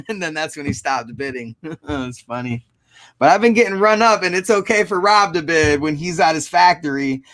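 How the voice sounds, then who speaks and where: A man's voice: on the high side, expressive, normal speed, fairly bright tone. A man chatting casually on a live stream, telling rambling stories with restarts and repeats. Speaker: storage auction buyer and show regular.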